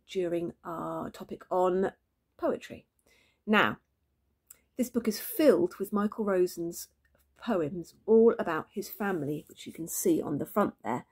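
A woman teacher reading a book of poems aloud to her class in lively, expressive storytelling. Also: on the low side, husky. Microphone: phone camera.

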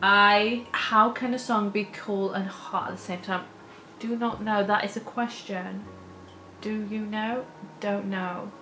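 A woman in her thirties chatting excitedly about a song she just watched, gushing and breaking into giggles. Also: mid-range voice, slow pace, echoey room, a little hiss or hum. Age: 30s. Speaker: music reaction YouTuber. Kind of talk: excited casual reaction chat.

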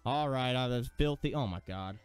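Frustrated man ranting through his own gameplay, smooth clear voice, faint music behind, lots of cursing. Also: medium pitch, normal speed. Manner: exasperated, swears a lot, rants at the game. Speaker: gaming streamer.

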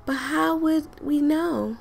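A woman voicing a bossy, perky young woman from a game, reading her lines in a brisk, coaxing way. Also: high-pitched, creaky, full character voice.

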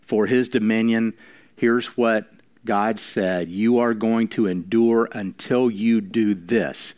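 A man with a low-pitched voice preaches a sermon in a church. He slows down to stress key lines and drops his voice to near-quiet before rising again with emphasis. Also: steady tone. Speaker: pastor.

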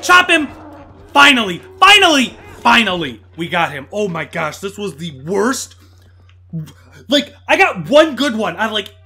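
Excitable high-voiced gaming man. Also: gravelly, husky. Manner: excitable, loud exclamations and groans. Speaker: let's play host. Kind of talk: live gameplay commentary.

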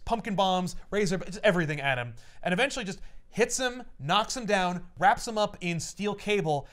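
A man on a casual comic book podcast, recapping a story with profane jokes and quick voices for the characters. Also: high voice. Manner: animated, profane, acts out characters in jokey voices. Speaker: podcast co-host.

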